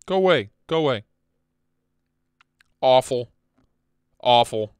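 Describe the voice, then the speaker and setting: A casual, blunt man hosting a chat stream, excitable and quick to swear, sounding tired. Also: medium pitch, dry recording, clean studio sound. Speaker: channel host.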